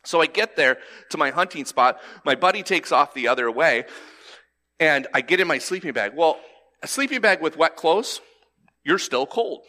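A man's voice: a little high, normal speed. A man, telling a personal story in a sermon and acting out the lines he quotes. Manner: animated, acts out quoted lines. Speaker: pastor.

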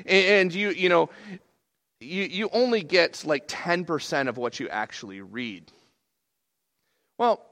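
Male pastor, sermon, chatty and animated, stumbles and restarts, slightly higher voice. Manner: conversational and animated, with many restarts.

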